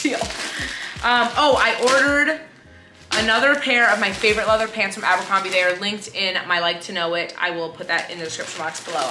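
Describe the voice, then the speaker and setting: A woman's voice: medium pitch, noisy background. A young woman, a lifestyle influencer, chatting casually while unboxing, gushing and gasping, a little tired. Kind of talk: casual vlog unboxing chat. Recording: roomy sound with loud music behind. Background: background music.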